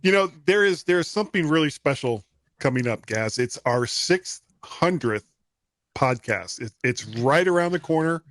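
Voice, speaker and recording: A man's voice: on the high side, normal speed, no echo, clean studio sound. A man hosting a podcast in casual chat, loose and rambling as he explains. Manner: relaxed, rambling with restarts. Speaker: podcast host.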